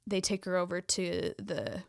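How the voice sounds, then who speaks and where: Young woman podcast co-host, lower voice, dry close sound, chatty and emotional storyteller. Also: level tone, measured pace, gravelly, no room sound. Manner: emotional storytelling with many fillers. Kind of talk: casual chat.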